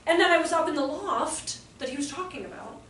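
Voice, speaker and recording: High-voiced woman telling classroom stories. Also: brisk. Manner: animated, acts out children's voices with laughter. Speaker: educator giving a talk. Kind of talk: storytelling presentation to an audience. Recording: echoey room, far from the mic, faint noise.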